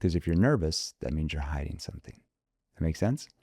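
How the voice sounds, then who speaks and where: Deep, animated male sales trainer. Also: a little fast, breathy edge, dry recording, clean studio sound. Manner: emphatic, acts out phone calls in bright upbeat voices. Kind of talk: podcast interview.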